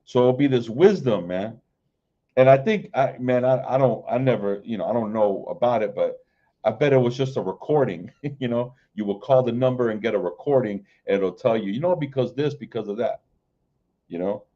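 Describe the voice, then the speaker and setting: A man preaching an informal livestream sermon, repeating "man" and "right?" between phrases and reading scripture in a drawn-out way. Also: mid-range voice, expressive, warm tone, lo-fi sound. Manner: repeats "man" and "right?", stammers and restarts, slow KJV reading. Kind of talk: informal street-style sermon.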